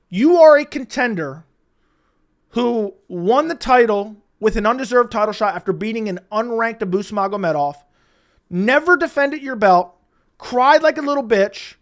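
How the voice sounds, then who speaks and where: A man hosting an online combat sports commentary channel, reading tweets aloud and mocking them in a heated, opinionated rant. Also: high-pitched. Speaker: MMA commentary channel host.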